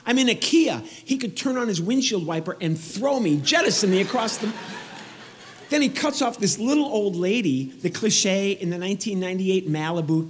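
A man doing a stand-up comedy routine, telling animated stories and acting out the people in them. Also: on the high side. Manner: animated storytelling, acts out other people.

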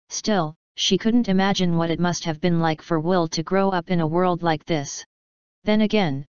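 A woman narrating an audiobook in an even, measured storytelling manner. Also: fairly low pitch, clean tone, dry recording. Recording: dry, slightly dull studio recording.

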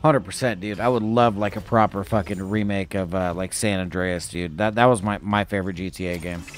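A man's voice: low voice, fairly even intonation, fairly quick, a little hiss or hum. A young man from California chatting casually and profanely with his viewers while he plays a game live. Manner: laid-back, profane slang, chatting with viewers. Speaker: streamer playing a horror game. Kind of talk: casual live-stream chat.

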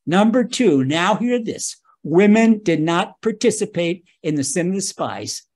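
A man's voice: high voice, sing-song, measured pace, darkish tone. A man, a rabbi, giving a spoken Torah lesson, emphatic and talking straight to his listeners, often repeating his key phrases.

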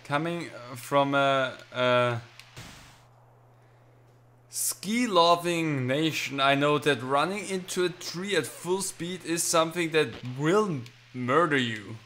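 A man's voice: a little high, a little slow, few pauses, sharp tone, a little hiss or hum. A man giving casual, rambling, self-mocking commentary while he plays a video game. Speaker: gaming channel host. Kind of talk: casual let's-play commentary.

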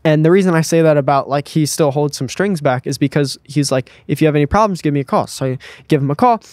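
Young male guest, casual storyteller, slightly high voice, acts out the dialogue, dry close mic. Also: fast, dry recording. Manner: animated, acts out quotes with frequent "like" and "you know what I mean". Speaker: guest skateboarder.

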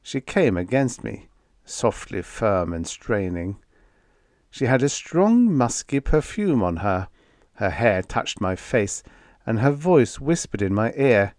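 Male audiobook narrator, lower voice, very slow and lively, dry close recording. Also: dry recording. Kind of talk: scripted first-person story narration.

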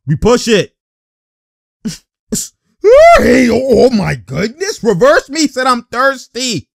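Laughing, excitable man reacting to highlights. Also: takes it slowly, creaky, dry recording, clean studio sound. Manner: excitable, laughs often, heavy slang. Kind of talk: casual reaction commentary.

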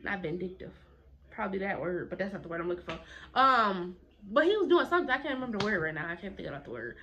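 Bright, animated woman telling a story. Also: medium pitch, fast. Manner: animated, blunt and profane, with repeated phrases. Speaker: storytime vlogger. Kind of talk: casual storytelling to camera.

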